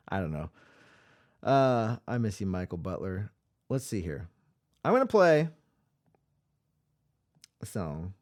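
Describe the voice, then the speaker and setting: A man's voice: fairly low pitch, sing-song, slow, pauses often, darkish tone. A man hosting a home-made radio podcast, talking in a tired, rambling way with many ums and restarts. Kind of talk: casual rambling chat.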